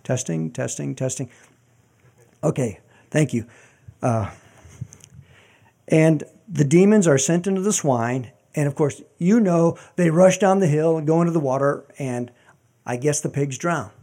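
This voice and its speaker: Joking, high-voiced male preacher. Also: lively intonation, unhurried, warm tone. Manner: joking, conversational preaching with asides. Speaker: pastor. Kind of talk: sermon.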